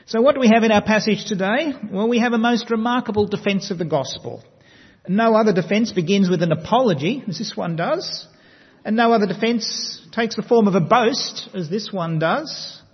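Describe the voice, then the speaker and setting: A man preaching a sermon, measured and emphatic, slowing down to stress key words. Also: sits high, expressive, husky. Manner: measured, emphatic delivery with slow stressed phrases. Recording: long reverb, dull lo-fi sound.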